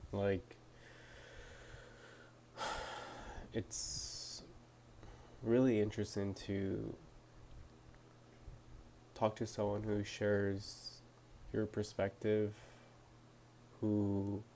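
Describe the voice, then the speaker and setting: A man's voice: on the low side, completely flat delivery, drawn-out words, long pauses, dark tone, a little hiss or hum. A young man answering viewer questions to his phone camera, talking hesitantly with lots of fillers and restarts. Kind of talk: casual talk to camera.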